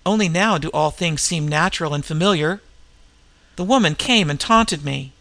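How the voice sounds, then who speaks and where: A man's voice: fairly high pitch, moderate pace, fairly bright tone. A man reading aloud, voicing a dazed, half-frozen barbarian warrior who speaks grimly. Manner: grim and dazed. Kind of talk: audiobook reading.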